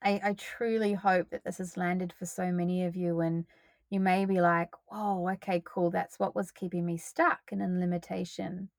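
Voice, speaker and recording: Woman hosting a solo podcast, casual and expressive, swears freely, gravelly edge, dry close mic. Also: on the low side, normal speed, no echo. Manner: expressive, swears freely, breathy sighs and laughs. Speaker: podcast host.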